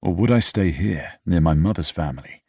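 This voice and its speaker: Deep husky British male narrator. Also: lively intonation, moderate pace, a little mellow, dry recording, studio quality. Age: young adult. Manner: reflective, wry, slightly pompous. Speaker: audiobook narrator. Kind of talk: first-person audiobook narration.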